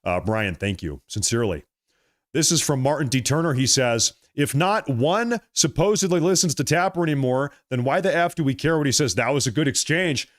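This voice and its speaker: This man's voice sits in the mid-range, animated and a little fast. Running a political livestream, he reads comments from viewers aloud, answers them with emphasis and repetition, and names each viewer as he thanks them.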